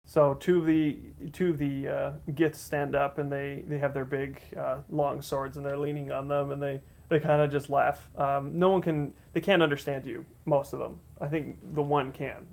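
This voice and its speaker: Gravelly game master narrating a campaign. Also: male voice, medium pitch, little pitch movement, moderate pace, hardly any pauses, a little mellow. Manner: rambling, many fillers and restarts. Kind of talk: narrating a tabletop game livestream.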